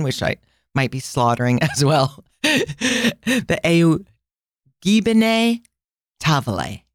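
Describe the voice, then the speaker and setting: Chatty woman hosting a podcast, smooth voice. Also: deep voice, no echo, studio quality. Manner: chatty storytelling with tangents and asides. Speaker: podcast host. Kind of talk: casual travel podcast chat.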